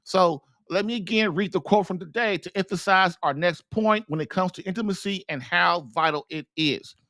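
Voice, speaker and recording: A man's voice: high voice, moderate pace, bright, forceful tone, no echo. Earnest man lecturing husbands, dry sound. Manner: earnest, repeats and restarts, rising to emphatic exhortation. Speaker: podcast host and marriage coach. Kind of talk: preachy monologue to a call-in audience.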